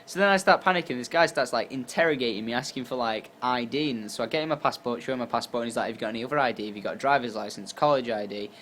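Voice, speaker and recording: A tired young man from England telling a story casually to camera, acting out his own lines with sudden jumps in pitch and loudness. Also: racing, few pauses, a little hiss or hum. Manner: animated, acts out quotes with jumps in pitch and volume. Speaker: YouTuber.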